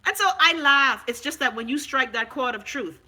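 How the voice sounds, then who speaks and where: A woman's voice: high voice, normal speed, sharp tone. A middle-aged Bahamian woman ranting on her vlog, sarcastic, profane and emphatic. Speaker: vlogger. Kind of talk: unscripted vlog rant.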